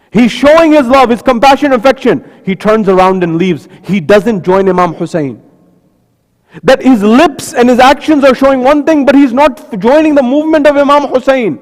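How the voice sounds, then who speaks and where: Man, high-pitched preacher, sermon in a mosque hall, shifts between low slow asides and rising lament, long reverb. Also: expressive. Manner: slows and drops low for quoted lines, rises to a high lament at the climax. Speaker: speaker at a mosque majlis. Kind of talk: sermon with mournful recitation.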